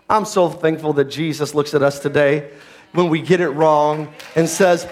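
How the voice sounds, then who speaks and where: A man preaching a sermon, swinging from quiet low lines to loud shouted ones and having the congregation repeat phrases after him. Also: brisk, a faint crowd. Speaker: pastor.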